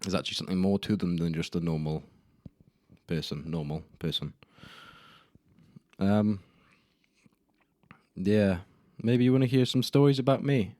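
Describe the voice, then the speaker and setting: A young podcast host talks alone into a camera, rambling through embarrassing stories about himself, swearing casually and poking fun at himself. His very low, mellow voice moves at normal speed with long pauses. The camera mic catches a dry, close sound with no room sound.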